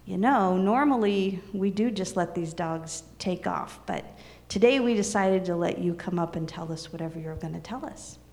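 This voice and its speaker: A woman voicing a gruff man holding back his dogs on a porch, speaking low and quiet. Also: normal speed, big-room sound, lightly acted. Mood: guarded.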